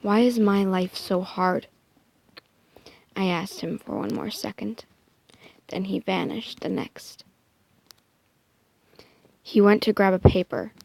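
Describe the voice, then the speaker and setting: A woman improvising a first-person story in a soft, hesitant way, often dropping into a whisper and correcting herself. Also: mid-range voice, slow, gravelly, long pauses.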